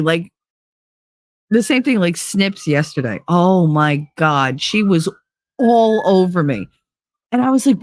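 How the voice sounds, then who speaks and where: A woman's voice: fairly low pitch, lively intonation, normal speed, dry recording, clean studio sound. A woman hosting a casual livestream, chatting loosely, greeting viewers by name and swearing freely. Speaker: livestream host.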